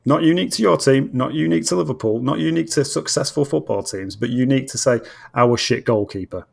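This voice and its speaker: Gravelly, sweary British-accented man. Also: medium pitch, fast talker. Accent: British English. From Australia. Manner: profane, ranting, blunt. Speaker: guest football fan. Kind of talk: casual podcast chat.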